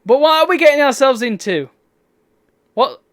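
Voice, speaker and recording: A man's voice: extremely high pitch, sing-song, moderate pace, fairly bright tone. A man giving chatty, wry commentary while streaming a video game. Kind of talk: casual gameplay commentary.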